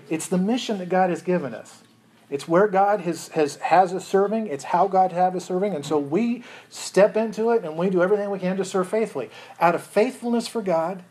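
A man preaches a sermon in a husky, slightly breathy voice. He speaks earnestly, often restarting phrases and chuckling between thoughts. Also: high-pitched, darkish tone. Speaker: pastor.

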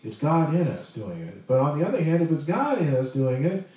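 A man's voice: a little high, big pitch swings, a little fast, mellow, distant mic. Preacher man in an echoey hall. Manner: conversational, asks the congregation questions. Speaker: pastor. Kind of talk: sermon.

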